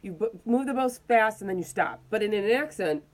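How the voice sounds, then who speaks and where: A woman teaching a violin lesson, calmly explaining bowing technique step by step while demonstrating. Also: medium pitch, brisk, soft background music. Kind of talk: casual instructional explanation.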